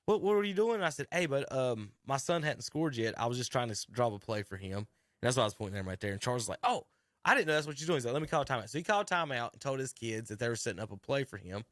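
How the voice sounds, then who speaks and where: A middle-aged man, hosting sports talk radio and telling a rambling, animated coaching story with many restarts. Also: mid-range voice, very fast, dry recording, clean studio sound. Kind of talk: casual radio chat narrating a video clip. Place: radio studio.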